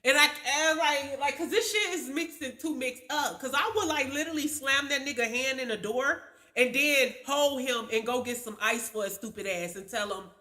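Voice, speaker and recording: A woman's voice: high-pitched, moderate pace, bright, forceful tone. A woman streamer telling a rambling, profane story to her viewers in a casual rant. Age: adult with children. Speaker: livestream host.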